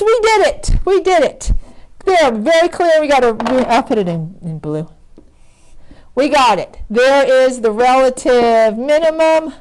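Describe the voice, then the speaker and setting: A woman's voice: medium pitch, darkish tone. A woman teaching a math lesson, chatty and self-correcting as she thinks aloud while working. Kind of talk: recorded screen lesson.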